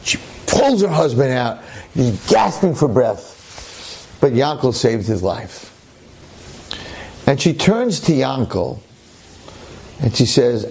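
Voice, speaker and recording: A middle-aged rabbi telling a story in a dramatic, animated way, acting out its characters. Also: male voice, medium pitch, slow, gravelly, pauses often, slightly rough. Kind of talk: storytelling lecture.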